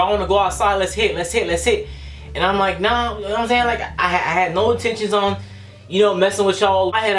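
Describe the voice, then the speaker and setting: A young man tells a personal story straight to camera in a loose, animated vlog style, with a fairly high voice, stacked fillers and repeated lines. Faint music plays softly behind him. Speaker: vlogger. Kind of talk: casual storytelling.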